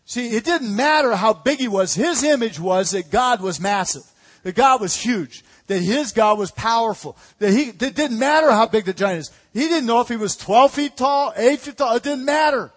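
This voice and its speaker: A male pastor preaching a lively, conversational sermon, calling out to the congregation. His voice is high for a man. It rings with a long echo in a church hall. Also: moderate pace. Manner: energetic, conversational preaching with call-outs. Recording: echoey hall.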